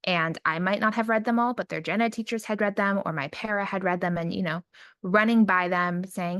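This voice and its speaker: A woman who works in special education, giving a casual screen-recorded demo lesson and reading her typed prompts aloud slowly. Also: medium pitch, a bit bright, no room sound. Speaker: special education teacher trainer.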